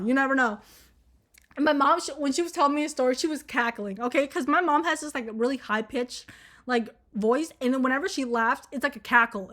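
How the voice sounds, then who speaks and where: A woman's voice: high voice, bright, forceful tone. A young woman from Vietnam telling a personal story in a rambling, profane, laugh-filled casual way. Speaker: vlogger.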